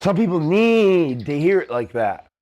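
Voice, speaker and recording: Young man, high voice, profane, intense motivational ranting, gym livestream. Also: very animated, unhurried, mellow, highs cut off, a little hiss or hum. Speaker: fitness livestreamer. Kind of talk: motivational rant.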